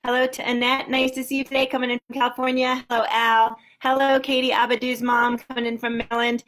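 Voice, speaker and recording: A woman hosting a sing-along on a video call, warmly greeting many participants by name. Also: fairly high pitch, little pitch movement, quick pace. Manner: warm, upbeat greetings to a long list of participants. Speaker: host. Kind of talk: casual welcome on a video call.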